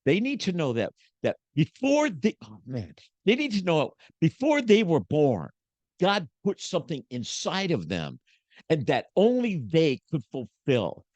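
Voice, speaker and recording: A man's voice: a little high, huge pitch swings, measured pace, no room sound, lo-fi sound. A man in his seventies, a guest preacher, speaking with emphatic, sermon-like passion in a podcast conversation. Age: 70s. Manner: emphatic, preachy, swings loud to soft.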